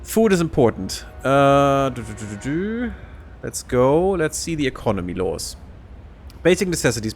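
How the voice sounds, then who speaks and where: Lively, chatty male game streamer. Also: mid-range voice, normal speed. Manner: chatty, laughs often, reads game text aloud. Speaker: gaming streamer. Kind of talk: casual let's-play commentary.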